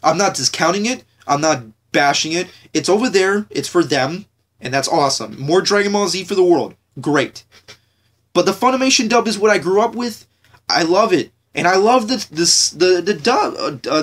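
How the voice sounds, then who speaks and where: A man's voice: high-pitched, expressive, moderate pace, a bit bright. A young man from the United States hosting a podcast, ranting casually with lots of swearing, fillers and restarts. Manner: profane, repetitive, frequent fillers and restarts. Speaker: podcast host.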